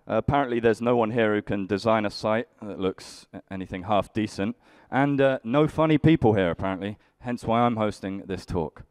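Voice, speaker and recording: A man's voice: on the low side, fairly quick, few pauses, a little mellow, clear, resonant tone, dry recording. A young man doing live stand-up comedy, grumpily bantering with the audience in a dry way. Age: young adult. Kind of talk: live stand-up with crowd work.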